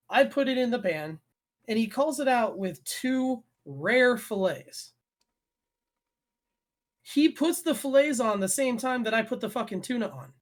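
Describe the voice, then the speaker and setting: A young man, a former chef, co-hosting a casual podcast and telling heated, profane stories. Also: high voice. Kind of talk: casual chat.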